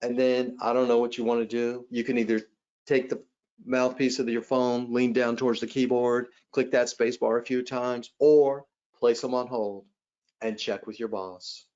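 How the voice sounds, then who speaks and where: Male trainer, mid-pitch, energetic webcast presenter who jumps into character bits; slightly muffled stream sound. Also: normal speed. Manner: animated, acts out callers and agents in role-play. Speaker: hospitality sales trainer. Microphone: webcast mic.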